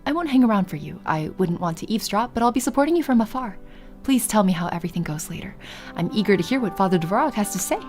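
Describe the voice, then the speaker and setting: A woman voicing a supportive young female friend in a visual novel read on stream, speaking brightly and encouragingly. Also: mid-range voice, lively intonation, quick pace, faint music behind, close to an everyday voice.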